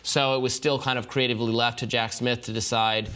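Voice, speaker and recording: Bright, crisp, analytical male voice. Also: medium pitch, flat delivery. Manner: deliberate, analytical, with many hesitations. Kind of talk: measured political analysis.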